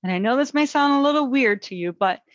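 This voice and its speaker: A middle-aged woman teaching a parenting webinar, gentle and coaching in tone, talking through calm self-talk. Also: sits high, quick pace, no room sound, dull audio. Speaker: parent educator.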